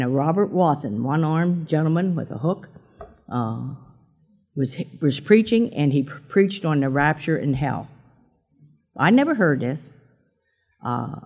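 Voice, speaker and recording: A woman's voice: deep voice, warm tone, dull audio. Chatty older woman telling her testimony. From Pennsylvania. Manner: chatty storyteller, acts out quotes in a raised voice. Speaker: church member giving testimony. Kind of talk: personal testimony to a congregation.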